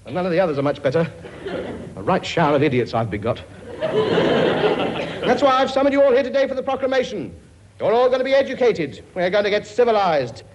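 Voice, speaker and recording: A man's voice: high-pitched, big pitch swings, brisk, pauses often, background noise. A man playing a blustering, brash king in a comedy sketch. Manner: blustering, brash, mock-regal. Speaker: comic actor playing a king. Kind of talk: comedy sketch with studio audience.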